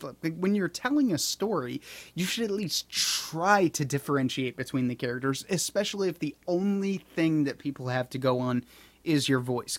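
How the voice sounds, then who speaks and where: A man's voice: medium pitch, no echo. A man in casual podcast chat, talking in a rambling way with many fillers and restarts. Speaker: podcast co-host.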